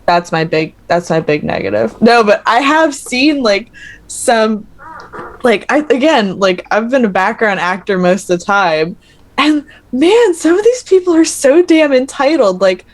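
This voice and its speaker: A woman's voice: a little high, lively intonation, measured pace. A young American woman, an actor guesting on a podcast, chatting casually with bubbly laughter and playful exaggeration. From United States.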